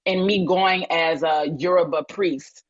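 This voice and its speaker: A woman's voice: on the low side, fairly even intonation, measured pace. A woman from New Orleans speaking in a live audio-chat room, telling stories effusively, with many restarts. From New Orleans, USA. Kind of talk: casual chat. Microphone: phone in an audio-chat app. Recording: lo-fi online audio-room sound.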